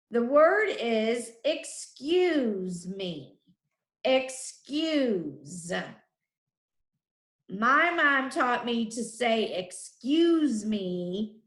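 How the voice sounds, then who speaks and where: A woman teacher leading a children's phonics lesson, sounding out letters and syllables slowly and clearly. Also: a little high. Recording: echoey room.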